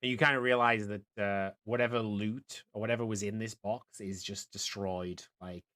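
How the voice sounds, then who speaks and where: A man running a tabletop game as dungeon master, narrating in a halting way with many fillers and restarts. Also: on the low side, fairly even intonation, pushed and bright.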